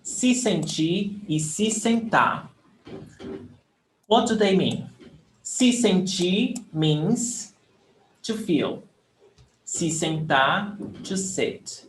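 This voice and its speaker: A man's voice: sits high, lively intonation, very slow, long pauses. A man teaching verbs in a live online lesson, explaining patiently and repeating examples. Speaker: Portuguese teacher. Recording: echoey room, faint background noise.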